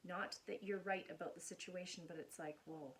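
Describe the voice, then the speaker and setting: An earnest woman counselor speaks casually to camera, walking through everyday examples. Her voice sits a little low, with a faint hiss underneath. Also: fairly even intonation, fairly quick, a bit bright. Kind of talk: casual explanatory talk to camera.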